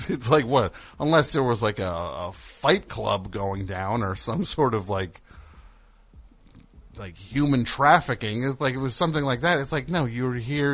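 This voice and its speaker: A man telling a long story on a call-in show, exasperated and acting out what other people said. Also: medium pitch. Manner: animated, exasperated, acts out other people's lines. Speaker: caller.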